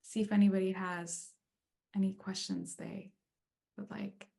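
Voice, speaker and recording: Middle-aged woman, gravelly edge, casual webinar speaker with many fillers. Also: mid-range voice, little pitch movement, a little slow, dark tone. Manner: conversational, frequent fillers. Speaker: speaker on leadership and empathy. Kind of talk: webinar talk with Q&A.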